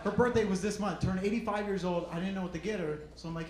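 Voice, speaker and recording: A man's voice: high-pitched, quick pace. A male stand-up comedian on stage, telling stories and acting out the scenes. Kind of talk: stand-up routine. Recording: roomy club recording, loud noise.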